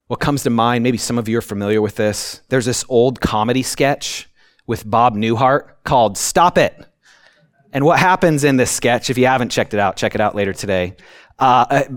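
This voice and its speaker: A male pastor giving a conversational sermon, often checking in with "right?" and acting out quotes with sudden high outbursts. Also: no echo, clean studio sound. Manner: conversational preaching, tags points with "right?".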